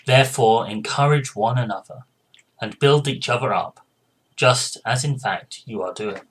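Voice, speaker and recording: A man reading a scripture passage aloud in a steady, measured way. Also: medium pitch, husky, low-quality recording. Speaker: scripture reader.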